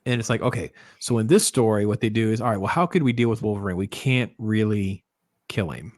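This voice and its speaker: Guy hosting a panel chat, low voice, dry sound, gets animated acting stuff out. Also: fairly quick, dry recording. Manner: animated, acts out scenes in quoted voices. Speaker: podcast host. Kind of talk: casual panel discussion.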